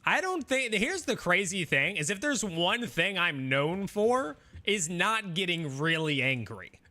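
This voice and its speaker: Young male streamer, casual and defensive, rambling with fillers; fairly high voice. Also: very animated, unhurried, pushed and bright. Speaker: game streamer. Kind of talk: casual chat with viewers.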